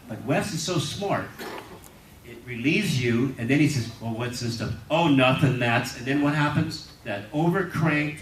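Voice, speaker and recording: A man in his sixties, an actor on a reunion panel, telling rambling anecdotes and laughing at his own stories. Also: mid-range voice. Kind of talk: animated anecdotal storytelling. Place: convention hall panel. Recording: echoey hall, distant mic, noisy crowd ambience.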